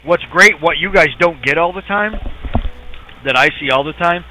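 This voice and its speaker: Bright-voiced rambling man telling stories. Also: on the high side, normal speed, a little hiss or hum, rough recording. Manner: rambling storyteller, chuckling and sarcastic. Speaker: podcast co-host. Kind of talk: casual chat.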